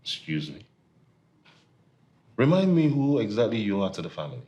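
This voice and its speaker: A smug young heir in a Nigerian TV drama, with a low, deep voice. He talks in a dismissive way and closes his lines with a taunting 'hmm?'. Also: sing-song, normal speed, dark tone, highs cut off. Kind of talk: TV drama acting.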